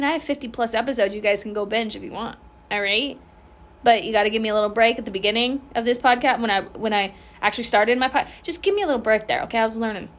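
A woman hosting her own podcast, chatting casually in a bubbly, rambling and candid way, swearing freely. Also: fairly high pitch. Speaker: podcast host. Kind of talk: casual solo podcast chat.

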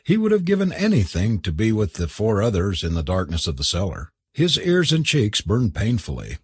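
A man's voice: fairly low pitch, wildly swooping pitch, normal speed, slightly rough, no echo, studio quality. A man narrating an audiobook, telling the story expressively and switching into voices for the characters.

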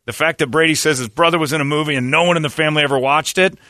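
Sarcastic male talk host, bright and dry. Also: fairly high pitch, steady tone, racing, dry recording. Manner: sarcastic, mocking, reads quotes in put-on voices. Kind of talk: casual talk radio banter.

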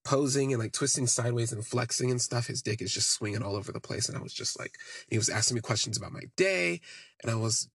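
Guy with a husky kinda gravelly voice just rambling thru a story, lots of "like"s, dry close sound. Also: medium pitch, quick pace, a bit bright, dry recording. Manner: rambling, frequent "like" fillers, candid. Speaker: podcast host. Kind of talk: casual first-person storytelling.

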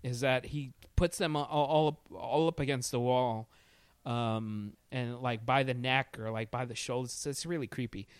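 A man chatting casually about a movie, animated and often laughing, mocking what he saw with quick impressions. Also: mid-range voice, clear, resonant tone, no room sound. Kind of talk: casual podcast movie chat.

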